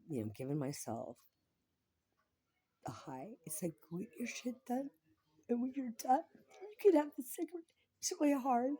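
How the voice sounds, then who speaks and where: A woman's voice: fairly high pitch, warm tone, breathy edge. A woman talking in a rambling personal monologue, repeating herself, swearing freely and sometimes dropping into a whisper.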